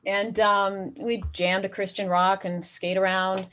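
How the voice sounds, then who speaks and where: A woman's voice: mid-range voice, unhurried. A woman doing a stand-up set, telling stories and acting out the people in them. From Chicago area. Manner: animated storytelling, acts out quoted voices. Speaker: stand-up comedian.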